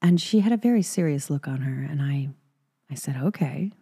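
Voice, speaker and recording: A woman's voice: low voice, lively intonation, fairly quick, mellow, breathy edge. A middle-aged woman from Texas, hosting a podcast and telling a personal story in an intimate, giggly way, often dropping into whispers. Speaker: podcast host.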